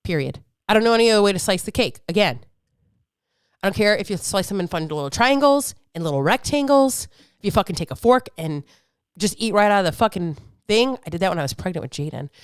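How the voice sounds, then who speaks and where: With lively intonation and a quick pace, this fired-up fitness coach and podcast host in her thirties rants unfiltered on her podcast. Her mid-range voice is clean with no echo, recorded dry and close, and her manner is blunt, profane and preachy.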